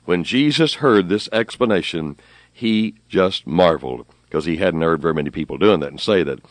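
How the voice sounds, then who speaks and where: A man's voice: deep voice, expressive, normal speed, dry recording. Emphatic male radio preacher, dry sound. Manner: emphatic, repeats phrases for stress. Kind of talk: sermon.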